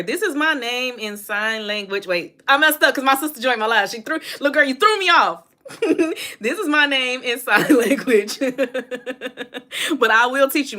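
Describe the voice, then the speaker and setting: Chatty, bright-voiced woman livestreaming. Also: fairly high pitch. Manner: chatty, answers viewer comments, laughs often. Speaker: host. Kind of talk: casual livestream chat. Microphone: phone.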